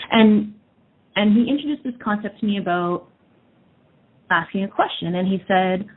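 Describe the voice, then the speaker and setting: A woman's voice: mid-range voice, expressive, fairly quick. A woman in her thirties telling a personal story in a candid, casual way with lots of fillers. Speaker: energy work practitioner. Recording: tinny phone-like audio.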